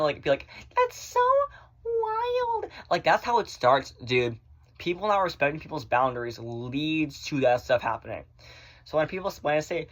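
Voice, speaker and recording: A man vents in a blunt, sassy rant, recorded on his phone at home. His speech is loose and full of filler words, with casual swearing woven through it. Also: mid-range voice. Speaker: vlogger.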